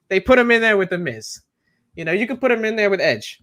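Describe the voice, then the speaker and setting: A man with a notably high voice rants about wrestling in a loose, animated way. He keeps stacking up "like" and "bro" as he gets worked up. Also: fast talker. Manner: animated ranting, says "bro" and "like" often. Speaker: wrestling show co-host. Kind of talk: casual podcast chat.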